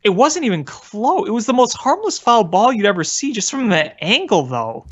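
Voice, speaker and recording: A man's voice: high-pitched, big pitch swings, moderate pace. A man, co-hosting a sports podcast and telling a story earnestly, poking fun at himself. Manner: earnest storytelling, self-deprecating. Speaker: podcast co-host. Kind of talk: casual sports chat. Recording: dull lo-fi audio.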